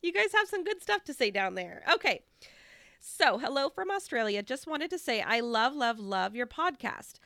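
A woman with a bright, clear voice recorded close and dry reads a listener's message aloud, breaking in with chatty, upbeat asides. Her voice sits a touch high. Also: big pitch swings, normal speed, hardly any pauses, no echo. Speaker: podcast co-host.

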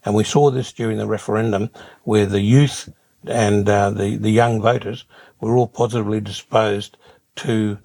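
An older Australian man answering interview questions in a measured way, often repeating words as he thinks. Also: fairly low pitch, steady tone, a little mellow. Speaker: interview guest.

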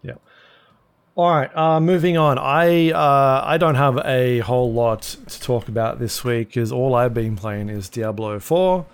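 A man's voice: medium pitch, a little slow, smooth. A man co-hosting a podcast, chatting casually with hesitant fillers. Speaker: podcast co-host. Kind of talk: casual chat.

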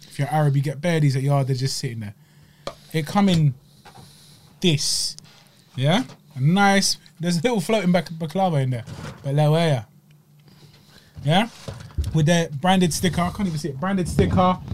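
A man's voice: fairly high pitch, moderate pace, pauses often, slight background noise. A man, hosting a podcast and reviewing desserts in casual, emphatic chat full of slang and repeated lines. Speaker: podcast host. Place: studio.

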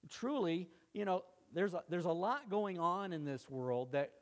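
A man's voice: high voice, lively intonation, measured pace. Man preaching in a conversational sermon. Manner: conversational preaching, swelling louder for emphasis. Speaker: pastor.

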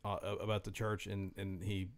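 A man with a low, flat, even voice co-hosts a casual talk podcast. He explains things haltingly and often restarts his sentences. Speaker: podcast co-host. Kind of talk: casual chat.

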